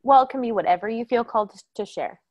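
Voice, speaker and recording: A young woman hosting a podcast, chatting casually and telling animated stories with some swearing. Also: a little high, quick pace, no room sound, lo-fi sound. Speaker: podcast host. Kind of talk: casual interview chat.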